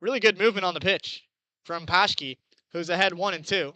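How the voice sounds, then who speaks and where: Young guy calling a ball game, high voice, super clear, dry close mic. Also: brisk, dry recording, rough recording. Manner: chatty, excitable, rises on big plays. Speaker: play-by-play announcer. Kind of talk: baseball play-by-play commentary.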